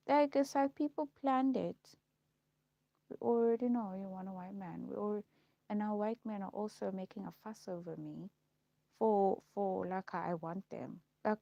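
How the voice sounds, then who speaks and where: Gravelly-voiced woman ranting. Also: medium pitch, warm tone, dry recording, highs cut off. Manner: rambling and repetitive, circling back on her words. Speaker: vlogger. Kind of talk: casual rant to camera.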